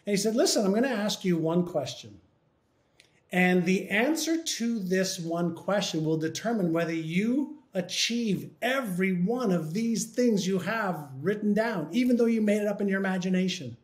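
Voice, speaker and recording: A Canadian man being interviewed animatedly recounts a personal story, playing both sides of a remembered conversation. His high voice moves at a moderate pace and sounds reverberant.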